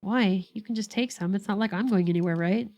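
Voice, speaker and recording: A woman's voice: mid-range voice, a little fast, darkish tone, lightly acted. Woman reading as a clingy stubborn little girl. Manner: reads lines aloud in her own voice.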